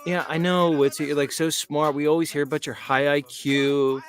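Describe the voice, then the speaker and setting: A man's voice: a little high, flat delivery, moderate pace. Male host, casual rambling delivery with a mocking edge, faint music behind. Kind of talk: casual livestream talk.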